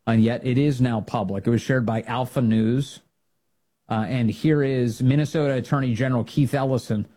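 A man's voice: steady tone, normal speed. A man hosting a political talk show, delivering commentary in an emphatic, rallying way. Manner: emphatic, rallying, swings to loud high bursts.

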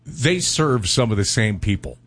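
A middle-aged man co-hosting a show, telling stories in a casual, animated way. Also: lowish voice, normal speed, breathy edge. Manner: animated storyteller, laughs often. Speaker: radio co-host. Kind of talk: casual radio chat.

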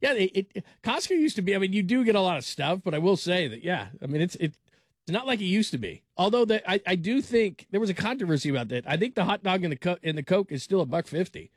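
A male sports radio host in casual chat, talking in a slightly high voice. He rambles and jokes, stumbles and restarts his sentences, and sounds dry and close to the mic. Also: animated, quick pace, no room sound. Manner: rambling, jokey, many restarts.

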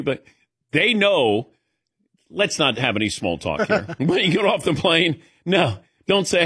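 A man hosting casual talk radio banter, telling animated stories and mimicking other people in quotes. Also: on the high side, normal speed, breathy edge, dry recording, studio quality. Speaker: radio show host.

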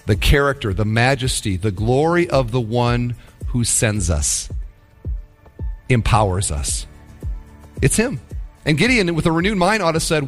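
A man preaching a sermon. He is animated and acts out the voices of the people he quotes. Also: medium pitch, unhurried, long pauses, faint music behind. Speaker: pastor.

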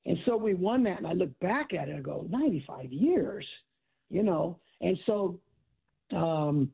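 A man's voice: high voice, normal speed, gravelly, breathy edge. A middle-aged man, a former football coach and author, telling stories in casual conversation and acting out quotes. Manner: animated storyteller acting out quotes. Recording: tinny phone-like audio.

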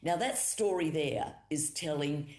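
A woman with an Australian accent telling a traditional creation story as a storyteller, unhurried and repetitive, with fillers. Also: sits low, a little mellow. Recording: roomy echo.

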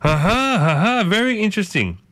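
Chatty radio host, dry studio sound. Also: male voice, high voice, big pitch swings, moderate pace, fairly bright tone, no room sound. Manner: chatty, rambling with restarts, playful asides. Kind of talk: casual morning radio chat. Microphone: studio microphone.

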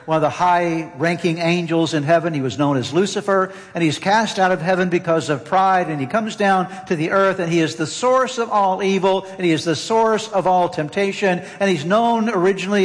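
A pastor preaching a sermon, earnest and emphatic, repeating key phrases for weight. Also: male voice, high-pitched, normal speed, few pauses. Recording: long hall reverb.

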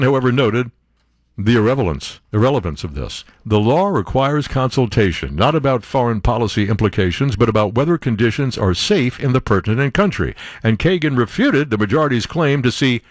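Sarcastic, animated male talk radio host. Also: medium pitch, no room sound, studio quality. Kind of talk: political commentary on talk radio.

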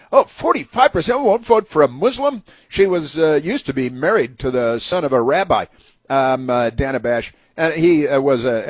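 A man hosting a talk show delivers a sarcastic, indignant monologue. His voice is husky and the sound is dry and close. He stops and restarts often, with many fillers. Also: medium pitch, no echo. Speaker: radio talk host. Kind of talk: opinionated talk radio monologue.

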